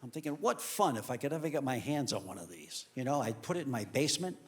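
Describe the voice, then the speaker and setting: A stand-up comedian telling jokes on stage, shifting between deadpan storytelling and loud punchlines. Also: male voice, medium pitch, quick pace, slight background noise. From Italian heritage. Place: comedy stage before a live audience.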